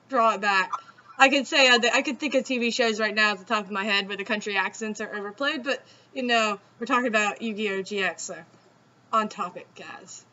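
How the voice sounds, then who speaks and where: Bright-voiced Southern woman, chatty and giggly. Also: medium pitch, a little hiss or hum. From Southeastern United States. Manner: chatty, giggly, swears freely. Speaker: host. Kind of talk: casual chat. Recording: dull lo-fi sound.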